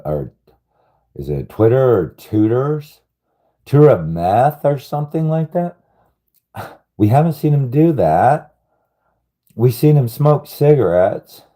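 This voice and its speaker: A man talks slowly on a live stream in a low, mellow voice. He rambles and sighs, swears freely and keeps circling back, confused and aggrieved. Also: rough recording. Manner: rambling, sighing, heavy swearing; bewildered, aggrieved. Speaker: livestreamer.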